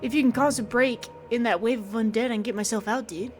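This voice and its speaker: A woman's voice: a little high, fairly even intonation, quick pace, a little mellow, soft background music, close to an everyday voice. Brief: woman playing a chill surfer priest in a mystery game, upbeat, full of dude and bro slang. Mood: laid-back.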